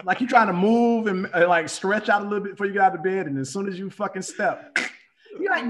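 A man's voice: high-pitched, quick pace. Profane man in his thirties. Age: 30s. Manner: animated, profane, acts out quoted lines. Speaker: podcast co-host. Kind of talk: casual chat.

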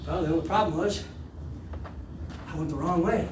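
High-voiced pastor, animated storyteller. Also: male voice, normal speed, background noise. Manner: animated storytelling, laughing and shouting quoted lines. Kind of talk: sermon testimony. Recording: echoey room with faint ambience.

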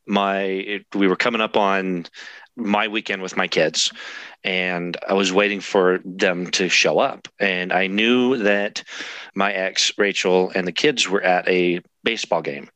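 A man in his thirties tells a personal story as a podcast guest, candid and self-deprecating. His low voice has a bright, forceful edge, recorded dry and close. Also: fairly even intonation, a little slow, dry recording. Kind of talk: storytelling in conversation.

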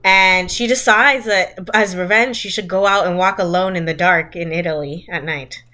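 A woman's voice: fairly low pitch, steady tone, normal speed, sharp tone. A woman co-hosting a casual podcast, talking animatedly and laughing often as she retells and mocks a movie. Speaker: podcast co-host. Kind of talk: casual chat.

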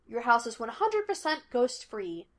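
A woman's voice: fairly high pitch, sing-song, a little slow. A woman voicing a playful young male detective who talks in a teasing, breezy way, in a read-aloud story. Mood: earnest.

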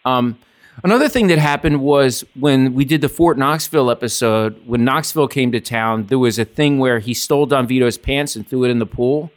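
A man in casual podcast talk, telling stories in a loose, swearing style. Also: moderate pace. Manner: animated, swearing, acts out voices with big pitch jumps. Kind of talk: casual storytelling chat.

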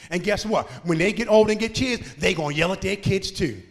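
A male pastor delivers a sermon in a high, ringing voice. He climbs into shouted, half-sung cadences and then drops back into low, chatty asides to the congregation. The sound carries the long reverb of a church sanctuary. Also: fairly quick, few pauses.

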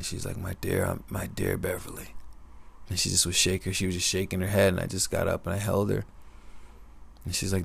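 Male podcaster, low gravelly register, soft-spoken personal storytelling. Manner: reflective, soft-spoken, unhurried.

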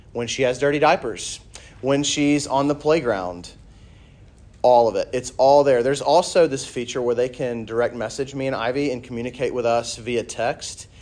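A man in his thirties, a campus minister preaching a conversational sermon to students with animated storytelling and light humor. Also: mid-range voice.

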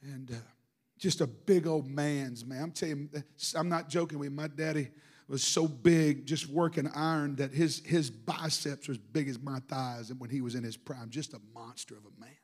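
A middle-aged man preaching a sermon, telling emotional stories that swing from hushed to shouting. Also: medium pitch, steady tone, normal speed. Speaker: pastor.

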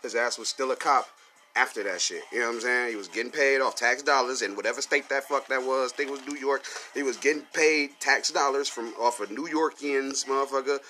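Male podcast host, mid pitch, bright edge, riffs heatedly and profanely with steady fillers. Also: a little fast, faint music behind. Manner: profane, heated, filler-heavy with frequent laughs. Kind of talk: casual solo podcast rant.

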